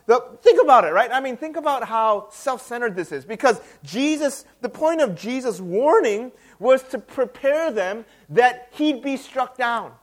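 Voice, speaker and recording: High-voiced man preaching conversationally. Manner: conversational preaching with tag questions; repeats and restarts words. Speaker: pastor. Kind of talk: sermon.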